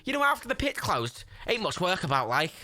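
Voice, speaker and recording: A man voicing a scrappy middle-aged Scouse scavenger with a Liverpool accent, gruff and chummy. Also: high voice, sing-song, a little fast, bright, forceful tone, no room sound, clean studio sound, pitched above the performer's own voice, full character voice. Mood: sheepish.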